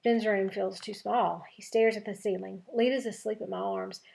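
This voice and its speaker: Gravelly-voiced woman reading a story aloud. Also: medium pitch, steady tone, normal speed, darkish tone. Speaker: teacher. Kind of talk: reading a chapter book aloud.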